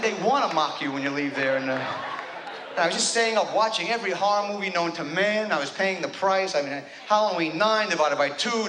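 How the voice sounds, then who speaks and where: Neurotic fast-talking comedian. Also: male voice, high voice. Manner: neurotic, rambling, self-deprecating, many restarts. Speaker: stand-up comedian. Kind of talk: stand-up comedy monologue. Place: theater stage with a live audience. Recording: echoey theater, loud audience noise.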